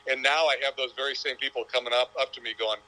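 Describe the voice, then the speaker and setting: A man's voice: medium pitch, fairly even intonation, quick pace, sharp tone, poor audio. A man in his sixties, a golfer guest in an interview, talking in a rambling, reflective storytelling way. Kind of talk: casual interview chat.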